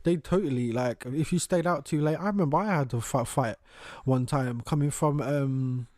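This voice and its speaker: Laughing, swearing London man, mellow tone. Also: mid-range voice, moderate pace, no echo, studio quality. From south-east London. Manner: loose, swearing, laughing often. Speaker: podcast co-host. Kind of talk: casual uncensored chat.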